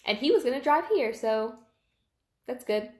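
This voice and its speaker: A woman's voice: a little high, lively intonation, moderate pace. A woman in her twenties co-hosting a casual chat, talkative and giggly, often trailing off mid-sentence. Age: 20s. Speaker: podcast co-host. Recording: echoey room.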